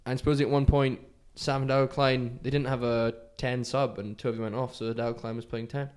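Casting: male podcast co-host, mid-range voice, lively anecdote-teller, laughs easily. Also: medium pitch, moderate pace, clear, resonant tone. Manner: animated storyteller, laughs while telling anecdotes. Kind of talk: casual chat.

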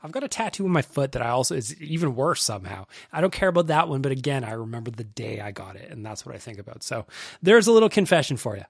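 A man's voice: medium pitch, big pitch swings, fast, vocal fry, breathy edge, no echo, studio quality. A man hosting a podcast, chatting in a candid, confessional way with plenty of swearing. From Canada. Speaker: podcast host. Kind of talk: casual podcast chat.

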